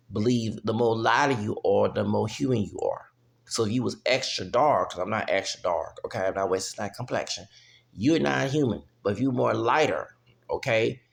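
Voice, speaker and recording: A fairly low, gravelly male voice belongs to a vlogger from the United States. He rants heatedly and with plenty of profanity, frequently pausing to say "okay?".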